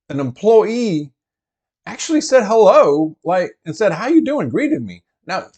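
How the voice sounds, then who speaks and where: A man in the middle range of pitch, talking casually from the cab of a truck. He rambles through his thoughts with plenty of fillers, restarts and asides, like an easygoing vlog host chatting to his regulars. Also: a little mellow. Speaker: prepper vlogger host. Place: inside a truck.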